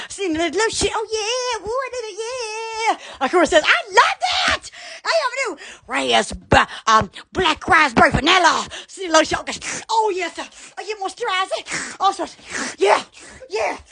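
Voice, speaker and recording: Lady on a phone live stream, super high bright voice, giggles and squeals all the time. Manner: giggly, exclaims and laughs constantly. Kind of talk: casual live-stream chat.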